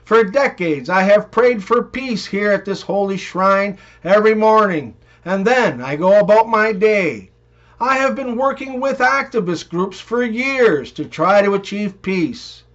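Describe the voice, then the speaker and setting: A man voicing a weary, wry elderly Jewish man in a joke, speaking slowly with sighs. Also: high voice, fairly bright tone, dull audio.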